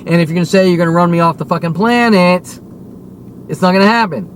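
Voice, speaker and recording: A high-pitched man in his forties vents in a long, furious monologue, swearing freely. He hammers his points home and keeps demanding "okay?" of an unseen audience. A soft wash of car noise sits underneath. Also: fast talker. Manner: heated, profane, repeatedly demanding "okay?". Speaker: vlogger. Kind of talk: angry ranting monologue.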